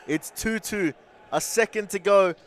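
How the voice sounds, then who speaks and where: A man giving animated co-commentary and analysis on a futsal match. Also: high-pitched, a little slow, crowd noise, noisy background. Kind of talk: live sports commentary.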